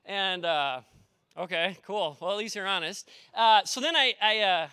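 High, bright-voiced male pastor. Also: a little slow, clean tone, no echo, studio quality. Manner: earnest, with rhetorical questions and personal stories. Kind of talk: conversational sermon.

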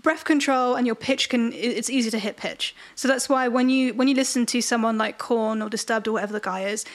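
A woman co-hosting a music podcast, talking in a casual, animated way and laughing often. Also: a little high, fairly quick. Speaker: podcast co-host and music reviewer. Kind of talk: casual chat.

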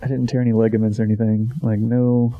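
A man in his twenties, a former college pitcher, casually telling a story, swearing freely and acting out what he once said. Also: little pitch movement, quick pace. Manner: swears freely, acts out his own past remarks. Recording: dull lo-fi sound.

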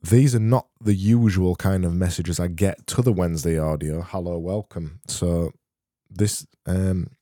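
A man's voice: sits low, a little slow, dark tone, dry recording. A man hosting a comedy podcast, reading listener messages in a dry, rambling, self-mocking way. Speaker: podcast host.

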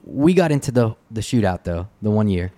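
A podcast host, a man, tells a golf story in a loose, chatty way. His pitch jumps around as he acts out the moments, and he breaks into laughter often. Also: big pitch swings, brisk, mellow. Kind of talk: casual chat, storytelling.

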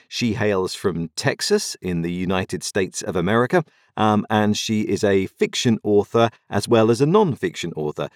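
A man hosting a story podcast, introducing the episode in a relaxed way with small fillers. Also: fairly low pitch, no room sound, studio quality. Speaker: podcast host. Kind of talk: casual show introduction.

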